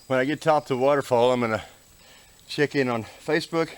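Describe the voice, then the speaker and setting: A hiking vlogger films himself on a forest trail, chatting to viewers in a folksy, casual way while out of breath from the climb. His voice is mid-range, smooth and brisk.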